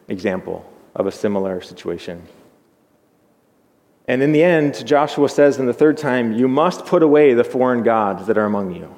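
A pastor giving an earnest, measured sermon, often repeating words as he thinks aloud. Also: mid-range voice, darkish tone. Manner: earnest, measured preaching with repetitions. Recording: long hall reverb.

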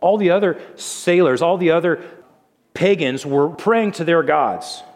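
Pastor guy telling a bible story, chatty, voice drops low for drama, long echo in a big hall. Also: animated, a little slow. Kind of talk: sermon.

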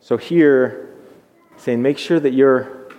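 A man's voice: mid-range voice, highs cut off. Man preaching in a reverberant hall. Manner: earnest, measured preaching with repetitions. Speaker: pastor. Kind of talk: sermon.

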